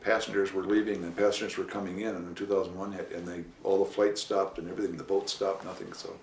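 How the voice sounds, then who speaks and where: A man being interviewed as a former city official, telling long stories with many pauses. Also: low voice, level tone. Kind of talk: anecdotal interview storytelling. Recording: echoey room, faint hiss.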